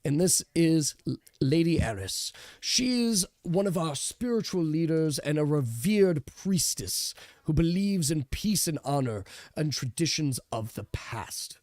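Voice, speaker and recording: A man's voice: fairly high pitch, very animated, unhurried, darkish tone, no echo. A man narrating a tabletop role-playing game as game master.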